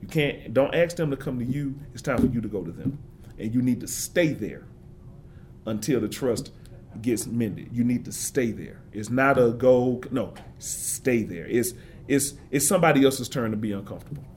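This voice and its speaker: A man's voice: medium pitch, normal speed, darkish tone, a little hiss or hum. A man giving an interview, talking with passion and building points through emphatic repetition. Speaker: forester and interview guest.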